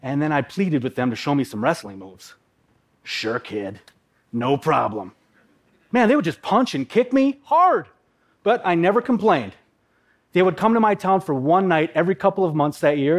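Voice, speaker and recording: Storyteller: man from Minnesota, a bit high-pitched, dramatic and wry in his personal story. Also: sing-song, brisk. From Minnesota, USA. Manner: vivid, dramatic, with playful asides.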